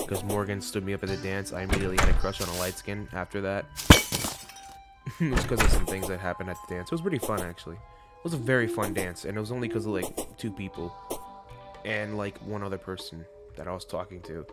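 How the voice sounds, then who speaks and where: A man's voice: sits low, fairly quick. A young man in his teens telling a rambling, laughing story with plenty of swearing while he plays a game. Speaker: gaming channel host. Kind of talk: casual storytelling over gameplay. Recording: loud game music behind voice. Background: loud game music.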